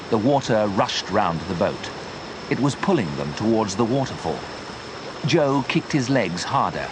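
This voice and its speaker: Man, slow clear narration, lively pitch, simple storybook reading for learners. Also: noisy background.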